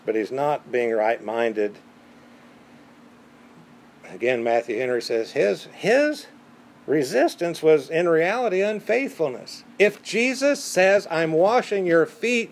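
A man's voice: a little high, lively intonation, takes it slowly, a little hiss or hum. A man preaching a sermon in an emphatic, conversational way, repeating words for stress.

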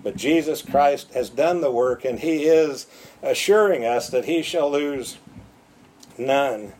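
A man's voice: medium pitch, takes it slowly, darkish tone, poor audio. A man preaching a sermon with emphasis, repeating words to drive his point home. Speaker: pastor.

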